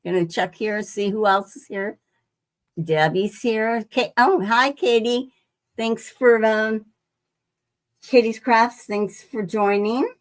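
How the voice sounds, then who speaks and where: A woman's voice: a little high, takes it slowly. A woman hosting a casual live quilting demonstration from her sewing room, rambling and restarting her sentences as she greets viewers by name. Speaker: quilting livestream host.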